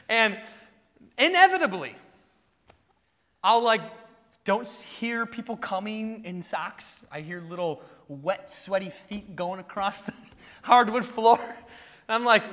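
A man in his thirties preaching a sermon, telling animated stories about his kids and acting out yelling at them. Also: sits high, a little slow, in a large hall. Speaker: pastor.

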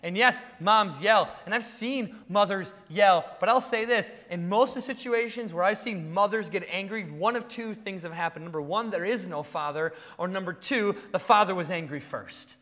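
A man in his thirties preaching a sermon, telling animated stories about his kids and acting out yelling at them. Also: sits high, moderate pace, few pauses, long reverb tail. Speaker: pastor.

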